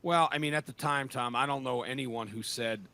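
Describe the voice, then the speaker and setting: A man's voice: medium pitch, normal speed, pushed and bright. A man guesting on a radio show, giving wry, rambling sports commentary. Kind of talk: casual sports chat.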